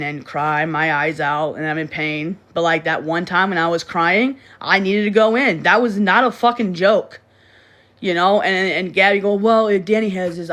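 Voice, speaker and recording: A woman's voice: fairly low pitch, a bit bright. Rambling woman on a phone livestream. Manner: rambling and repetitive, frequent restarts; blunt, with frequent swearing. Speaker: livestream host. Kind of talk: casual livestream chat.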